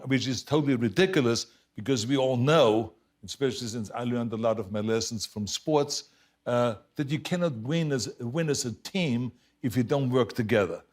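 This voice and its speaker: A man with a thick Austrian German accent, speaking at a middle pitch. He tells his stories with emphasis and bursts of laughter, like a guest in a casual interview. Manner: animated, emphatic, laughs through anecdotes.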